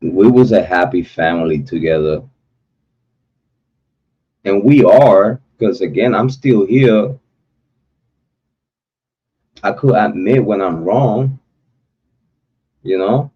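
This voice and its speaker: A man hosting a true crime livestream, talking loosely and repetitively in slang, giving heartfelt shout-outs to viewers. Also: on the low side, slow, long pauses, breathy edge, lo-fi sound.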